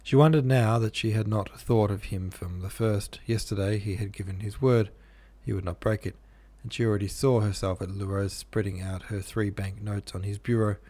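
Male audiobook narrator, low voice, measured, classic novel. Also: fairly even intonation, mellow. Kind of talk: classic novel read aloud.

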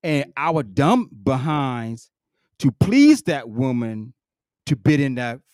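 Emphatic man host, lively dry voice. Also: mid-range voice, takes it slowly, no room sound. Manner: emphatic, keeps interrupting with repeated "listen". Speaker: podcast host. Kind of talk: heated casual debate.

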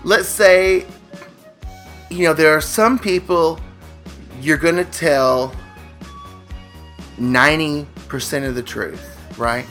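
A man co-hosting a comedy podcast, riffing on improvised scenarios with playful, drawn-out storytelling. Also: a bit bright, soft background music. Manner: playful, drawn-out storytelling with sudden jumps in pitch. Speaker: podcast co-host.

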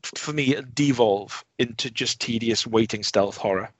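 A man chats casually on a games podcast, circling back and restarting his sentences as he talks. His voice sits at a middle pitch and is recorded dry and close. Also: normal speed, breathy edge, no echo. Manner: chatty, rambling, restarts sentences. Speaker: podcast co-host, game reviewer. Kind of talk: casual chat.

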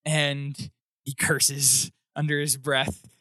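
A man narrating as dungeon master in a relaxed, rambling way with frequent laughs. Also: mid-range voice, slow pace, dry recording, studio quality. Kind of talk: narrating a tabletop game.

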